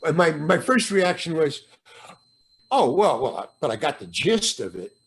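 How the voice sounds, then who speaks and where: An older man, an actor guest in a podcast interview, telling an anecdote with animated storytelling, acting out the voices of the people he quotes and swearing freely. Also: fairly high pitch, moderate pace, gravelly.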